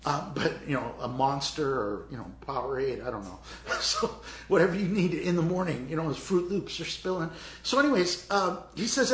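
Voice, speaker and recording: A pastor preaches a sermon in a chatty, animated way, often slipping into little acted scenes. His voice sits high for a man. It rings through an echoey church room. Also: normal speed, a little hiss or hum. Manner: animated, conversational, acts out scenes.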